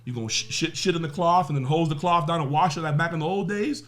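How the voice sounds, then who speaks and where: Slightly high in pitch and quick in pace, this man is a music business guest on a podcast. He speaks emphatically and profanely, firing off rhetorical questions and everyday analogies.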